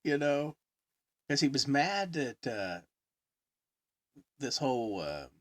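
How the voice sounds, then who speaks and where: A middle-aged man co-hosts a podcast, spinning rambling anecdotes full of laughter and acted-out quotes. His voice is bright, and his pitch jumps up and down a lot. The sound is dry and close. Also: sing-song, slow pace, no room sound. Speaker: podcast co-host. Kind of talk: casual chat, storytelling.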